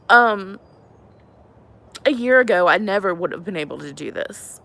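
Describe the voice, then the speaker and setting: A woman's voice: mid-range voice, expressive, normal speed, creaky, long pauses, pushed and bright. A woman in her thirties hosting a heartfelt live stream about faith, talking earnestly and rambling a little, with lots of "like" and "you know" as she answers viewers. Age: 30s. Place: on a porch at home.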